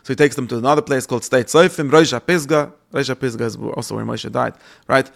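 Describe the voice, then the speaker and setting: Man, gravelly voice, Bible teacher, explanatory lesson, frequent restarts. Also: mid-range voice, a little fast. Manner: reads Hebrew verses aloud and translates them, with fillers and restarts.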